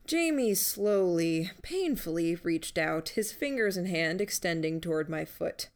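A woman narrating a first-person novel in a measured, steady reading. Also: fairly low pitch. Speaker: audiobook narrator.

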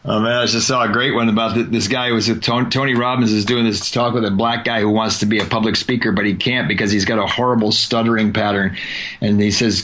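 A man's voice: on the low side, steady tone, fairly bright tone. A man hosting a podcast, chatting casually and telling long stories, stretching out his words at times. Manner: storytelling, chatty, drawn-out words. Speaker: podcast host. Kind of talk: casual chat.

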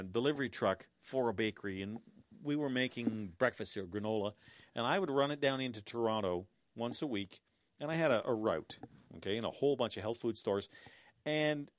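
A man's voice: mid-range voice, a bit bright, no echo, clean studio sound. A middle-aged man telling stories in a casual monologue, with a sardonic, mocking tone and chuckling asides.

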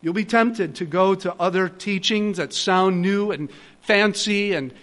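High-pitched earnest male pastor preaching. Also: measured pace, a bit bright. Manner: earnest pleading, rising to emphatic repetition. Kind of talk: sermon.

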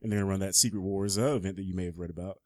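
A man's voice: sits low, steady tone, very fast, no room sound, studio quality. A man co-hosting a casual podcast, explaining at length and swearing freely. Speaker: podcast co-host. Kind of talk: casual chat.

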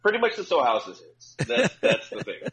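A man's voice: high voice, wildly swooping pitch, fast talker, a bit bright, slightly rough. A man co-hosting a podcast in casual chat, teasing his co-host in a wry way and giving blunt advice. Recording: dull lo-fi audio.

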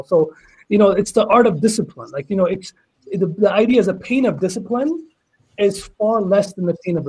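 A man with a fairly high, husky voice talks in a casual religious panel discussion. He tells stories in an animated way and acts out what people said. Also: poor audio. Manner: animated storyteller, acts out dialogue.

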